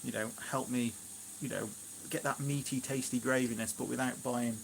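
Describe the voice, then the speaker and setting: A man with a Shropshire English accent chats in a loose, rambling way, full of fillers and side remarks. He sounds relaxed and homely, talking to viewers from his kitchen on a casual live stream. His voice sits at an ordinary middle pitch. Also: normal speed, vocal fry, slight background noise. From England, Shropshire. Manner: rambling, chatty, many fillers and asides. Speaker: gardening vlogger, live streamer.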